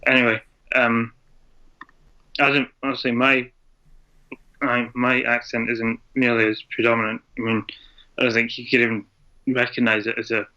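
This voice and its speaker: Brief: Scottish-born male guest on a video call, bright flat delivery, muffled lo-fi audio. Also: mid-range voice, moderate pace, long pauses. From Scotland. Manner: rambling, hesitant, laughs often. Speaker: podcast guest, drummer. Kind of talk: casual interview chat. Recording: dull lo-fi internet call audio.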